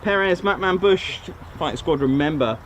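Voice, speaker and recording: A man's voice: fairly high pitch, animated, moderate pace, a bit bright, a little hiss or hum. A man hosting a casual live stream from an outdoor airfield viewing area, chatting and thanking viewers by name. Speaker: livestream host.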